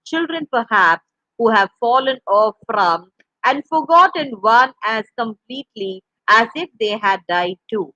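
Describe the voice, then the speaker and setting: A woman's voice: a little high, sharp tone, no echo, heavily acted, rough recording. Woman reading as a desperate old veiled woman. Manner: pleading, urgent, insistent.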